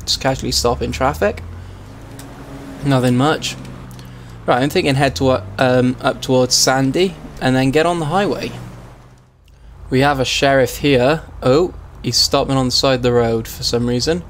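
A man with a hoarse, strained voice, chatting casually while streaming a game role-play. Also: medium pitch, moderate pace, slight background noise. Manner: chatty, laughs at himself.

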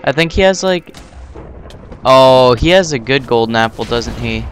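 A young man hosting a gaming channel, giving casual, excitable commentary on his own gameplay with yelps and laughs. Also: mid-range voice, moderate pace, clear, resonant tone.

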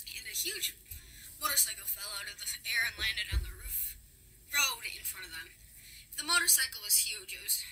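Bright-voiced woman reading aloud. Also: fairly high pitch, slight background noise, poor audio. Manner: stumbling, self-correcting. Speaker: reader.

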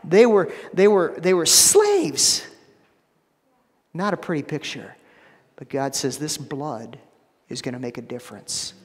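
A man preaching a sermon as pastor, emphatic, repeating phrases and dropping to a hushed low voice for stress. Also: very animated, measured pace, long pauses, long reverb tail. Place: church sanctuary.

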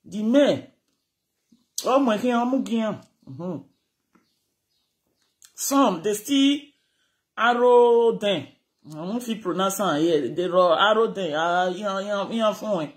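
The clip features a casual rant delivered straight to camera in a Nigerian accent, switching between Pidgin and Yoruba in an animated, scolding way. Pitch is medium and the pace unhurried.

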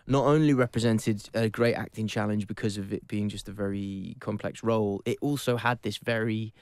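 A man's voice: on the low side, fairly even intonation, normal speed, no echo. Welsh guy chatting in an interview, self-deprecating, lots of ums, dry close mic. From Wales. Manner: reflective, self-deprecating, many fillers. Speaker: actor guest. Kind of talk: casual interview chat.

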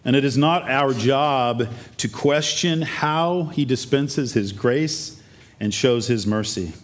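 Man preaching an earnest sermon. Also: mid-range voice. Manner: earnest preaching, rhetorical questions to the congregation. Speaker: pastor. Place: church sanctuary.

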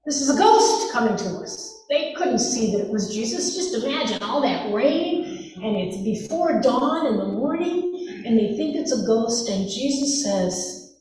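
A woman's voice: on the high side, animated, a little slow. Woman preaching in an echoey church. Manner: gentle storytelling, softening to a hush for quoted words. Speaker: pastor. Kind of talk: sermon retelling a gospel story. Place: church sanctuary. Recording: echoey church hall from far off.

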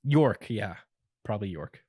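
A man's voice: on the low side, animated, warm tone, slightly rough, dry recording, clean studio sound. Laid-back man recapping a comic chapter. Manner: laid-back, chuckles often, acts out quotes in quick bits. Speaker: podcast co-host recapping manga. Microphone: podcast microphone.

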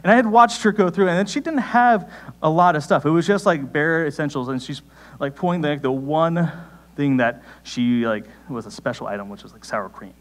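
A young adult man preaching a sermon, telling a personal story in a conversational way, with sudden rises in pitch. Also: moderate pace. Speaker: pastor.

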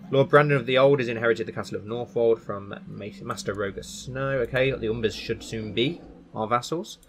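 A man's voice: mid-range voice, fairly quick, slight background noise. A man casually commentating on his strategy game and thinking aloud. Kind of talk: casual let's-play commentary.

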